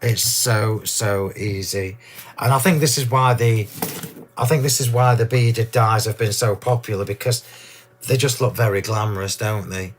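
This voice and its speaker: A man hosting a card-making demonstration, chatty and gushing, a little hoarse from losing his voice. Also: fairly low pitch, fairly even intonation, normal speed, slight background noise. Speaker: crafting demo host.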